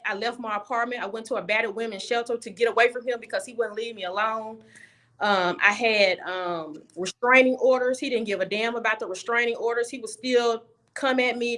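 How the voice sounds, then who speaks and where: A woman's voice: fairly high pitch, pushed and bright. A young woman guest on a video call, telling a personal story candidly and bluntly, often restarting her sentences.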